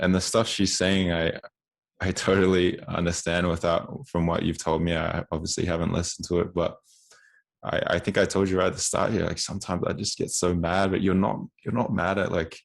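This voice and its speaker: A man's voice: low voice, little pitch movement, moderate pace, vocal fry. A man in his twenties, a podcast guest, telling a story casually with frequent restarts and acted-out quotes. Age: 20s.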